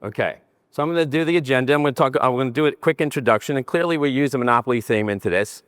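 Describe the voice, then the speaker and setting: An older man from New Jersey giving a conference presentation, animated and joking as he talks with his hands. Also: medium pitch, very fast, clean tone, no room sound, studio quality. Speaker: conference speaker. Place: conference session room.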